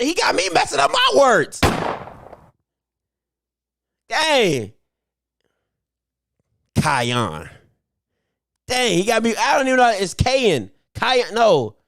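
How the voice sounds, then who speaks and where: A man's voice: very high-pitched, fairly bright tone, no room sound, clean studio sound. A man hosting a casual show, mocking a caller and stumbling over his own words. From Maryland. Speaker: host. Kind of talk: casual chat, playful trash talk.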